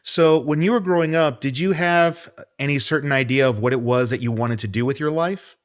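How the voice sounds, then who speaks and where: A man's voice: on the high side, fairly quick. A man hosting an interview podcast, asking short, simple questions. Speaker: podcast host.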